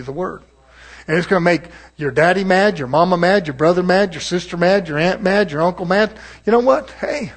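A man preaching a sermon in an emphatic, confrontational way, chuckling between points. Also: high voice.

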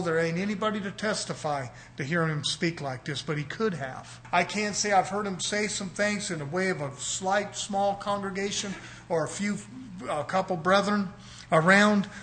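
A man's voice: high voice, a bit bright, slight background noise. A man preaching a sermon to his congregation, stressing key words and often calling out "brothers and sisters". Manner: preaching with rising and falling emphasis, repeated "brothers and sisters".

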